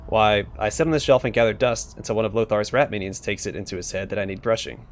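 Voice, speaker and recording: A man's voice: fairly low pitch, quick pace, slight background noise, close to an everyday voice. A man voicing a languid, bored talking skull of a pleasure-seeker, in a sultry, languorous manner.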